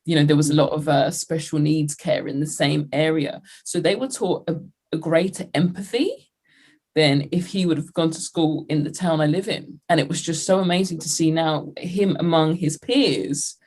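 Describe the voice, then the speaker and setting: A woman's voice: low-pitched, normal speed, a little mellow. A British woman co-hosting, telling stories in a chatty way with many "you know". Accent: British English. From England. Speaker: co-host. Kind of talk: casual video-call chat.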